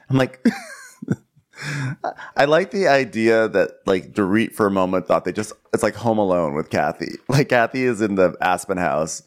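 Low voiced guy recapping tv, animated, teasing, laughs a lot. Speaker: podcast co-host. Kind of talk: casual recap chat.

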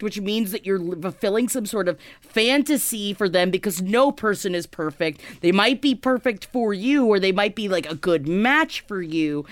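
A woman's voice: medium pitch, no room sound. A woman co-hosting a podcast, telling crude jokes in casual chat. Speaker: podcast co-host.

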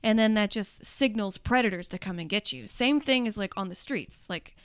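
A woman's voice: medium pitch, moderate pace, clean tone, no room sound, studio quality. A woman co-hosting a podcast, chatting casually and telling stories with acted-out quotes. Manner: animated storytelling with acted quotes. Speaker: podcast co-host. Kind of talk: casual chat.

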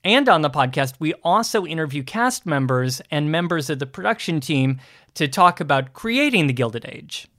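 A man's voice: a little high, lively intonation, moderate pace, a bit bright, no echo, studio quality. A man co-hosting a history podcast, chatting eagerly and bantering with his partner. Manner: upbeat, eager, friendly banter. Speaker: podcast co-host. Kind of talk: casual podcast chat.

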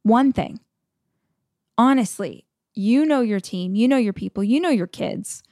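A woman's voice: on the high side, animated, unhurried, darkish tone, no room sound, studio quality. A middle-aged woman hosting a podcast, giving an earnest, encouraging motivational talk with emotional storytelling. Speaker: podcast host.

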